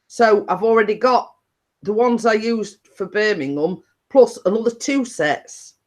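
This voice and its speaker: A woman's voice: mid-range voice, expressive, a little slow. A woman hosting a casual livestream chat from her home computer desk, rambling with restarts. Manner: chatty, rambling with frequent restarts and laughs. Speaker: livestream host.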